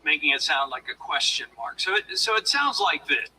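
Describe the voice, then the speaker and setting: Bright-voiced man coaching a lecture audience. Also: fairly high pitch, very animated, far from the mic, slight background noise, low-quality recording. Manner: demonstrative, deliberate, coaching the audience. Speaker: former law enforcement officer turned speaker. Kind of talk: motivational lecture.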